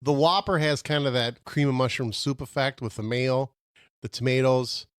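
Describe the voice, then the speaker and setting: A man in casual podcast chat, reviewing a burger and pressing his argument with lively, argumentative delivery. His voice sits in a middle range. It is recorded close and dry, with no room sound. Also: medium pitch, normal speed, clear, resonant tone, dry recording. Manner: animated, argumentative, talks with mouth full. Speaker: podcast co-host.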